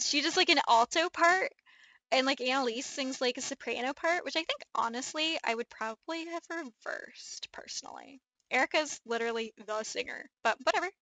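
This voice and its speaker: A young woman with a Midwestern accent chatting on a live stream, excitable and gushing, rambling with lots of fillers. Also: high voice, rough recording. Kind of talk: casual live-stream chat.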